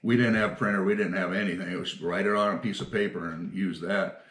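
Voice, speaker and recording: An older retired firefighter telling stories in a casual interview, folksy and quick to laugh. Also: male voice, sits low, steady tone, fairly bright tone, echoey room.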